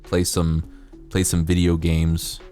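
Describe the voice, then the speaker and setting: A male streamer chatting casually with his viewers, rambling and playful, sometimes jumping into high silly voices. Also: completely flat delivery, slow pace, warm tone. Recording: faint music behind.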